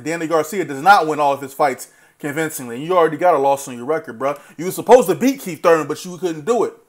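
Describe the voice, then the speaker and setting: A man with a slightly raised pitch delivers a heated boxing rant in loose speech. He is blunt and opinionated, swearing freely and addressing fighters directly as if they were listening. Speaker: boxing commentary vlogger.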